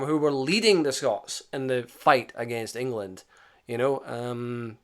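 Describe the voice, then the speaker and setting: A man hosting a history channel in a casual, unscripted monologue, animated, swearing and full of "you know". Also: mid-range voice, moderate pace, clear, resonant tone.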